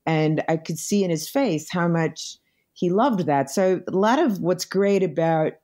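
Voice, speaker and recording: A woman's voice: on the low side, expressive, unhurried. A middle-aged American woman in an interview, telling personal stories in a reflective, earnest way. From United States. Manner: reflective storytelling, warm and earnest. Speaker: podcast guest. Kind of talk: conversational interview.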